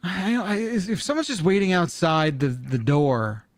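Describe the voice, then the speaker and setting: A man's voice: sits high, a little slow, dry recording. A man co-hosting a podcast in casual chat, often incredulous and exclaiming. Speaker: podcast host.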